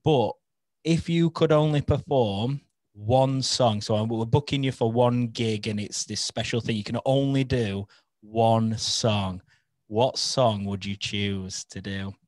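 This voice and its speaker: A man's voice: medium pitch, steady tone, slow pace, a little mellow, no echo. A man hosting a podcast, friendly and encouraging as he interviews a guest. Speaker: podcast host.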